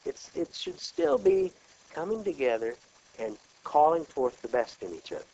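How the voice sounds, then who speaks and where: Animated Kansas preacher, lively pitch. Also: male voice, normal speed, creaky, muffled recording. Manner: animated, peppered with rhetorical check-ins. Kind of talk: sermon.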